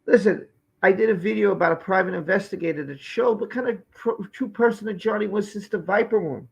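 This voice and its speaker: Gravelly high-voiced man, emphatic live-stream commentator. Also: brisk. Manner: emphatic, repeats key phrases.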